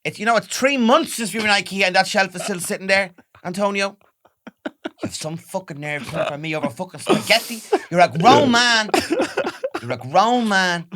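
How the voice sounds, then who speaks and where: A man's voice: expressive, moderate pace, bright, forceful tone. A man with an Irish accent voicing a furious, nagging Irish wife who rants and swears shrilly. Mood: ranting. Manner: shrill, ranting, heavy swearing.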